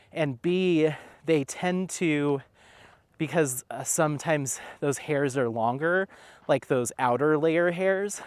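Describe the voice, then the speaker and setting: A man's voice: on the high side, dry recording. Chatty man rambling outdoors. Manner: rambling, chatty, stops often to call his dog. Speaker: vlogger. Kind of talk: casual chat. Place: outdoor dog park at sunset.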